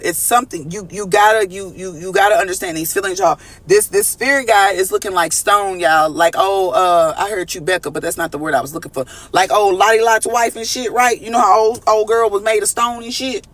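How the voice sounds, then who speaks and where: A man with a high voice reads tarot for his viewers, talking loosely and swearing freely. He keeps calling out to them as y'all and answers their chat comments as he goes. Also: brisk, few pauses, fairly bright tone. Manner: casual, profane, chatty, calls viewers y'all. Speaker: tarot reader. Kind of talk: live collective tarot reading.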